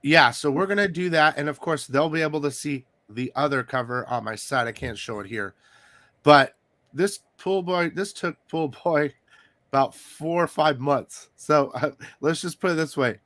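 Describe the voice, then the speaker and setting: A man hosting a casual interview about comic collecting, chatty and excitable, coughing from allergies. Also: fairly high pitch, normal speed. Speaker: host.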